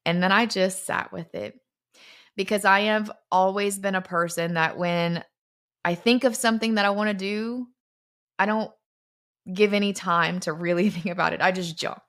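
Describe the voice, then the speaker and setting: A woman's voice: medium pitch, steady tone, moderate pace, a bit bright. A middle-aged woman earnestly telling a personal story, as the founder of a fitness brand.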